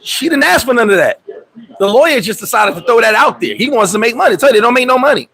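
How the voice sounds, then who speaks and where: A man's voice: very high voice, quick pace, low-quality recording. A man who lives abroad telling a story on his livestream, swearing often and acting out the other people in it. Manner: profane, animated storytelling. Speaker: vlogger. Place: Dominican Republic.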